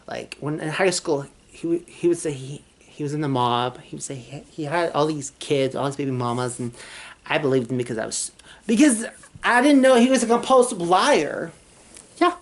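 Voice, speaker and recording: Young woman from Texas with a low voice, vlogging a rambling storytime full of restarts and swearing. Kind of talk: casual storytime.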